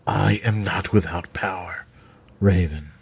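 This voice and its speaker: A man voicing a grave, solemn male forest guardian who speaks in a low, measured way in a storybook reading. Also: vocal fry, breathy edge, full character voice. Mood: threatening.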